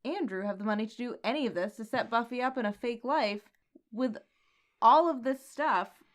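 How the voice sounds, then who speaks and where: A woman co-hosting a comics podcast, calm and even-handed, raising quizzical questions. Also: on the high side, moderate pace. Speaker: podcast co-host. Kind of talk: casual comics recap chat.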